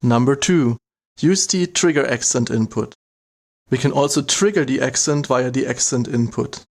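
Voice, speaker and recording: A man explaining gear step by step in a calm, methodical voice of middling pitch. He narrates an instructional demo while drum machine sounds play faintly underneath. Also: moderate pace, faint music behind. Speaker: product demonstrator.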